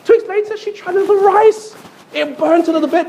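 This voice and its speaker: A man's voice: very high-pitched, fairly quick, gravelly, a crowd in the background, noisy background. A male pastor preaching a sermon, telling stories playfully and repeating himself often.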